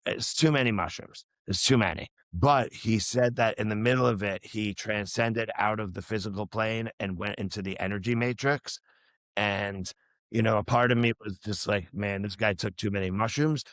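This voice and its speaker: A man's voice: fairly low pitch, steady tone, normal speed, fairly bright tone, no echo. A man, a musician guest on a podcast, earnestly telling a rambling personal story with many restarts and fillers. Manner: earnest, reflective. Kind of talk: casual storytelling chat.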